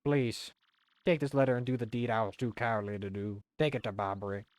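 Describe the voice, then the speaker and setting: A man voicing a guilt-ridden old male bomb who speaks low and hushed, like a confession, for a video game. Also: steady tone, brisk, no echo, natural voice. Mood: remorseful.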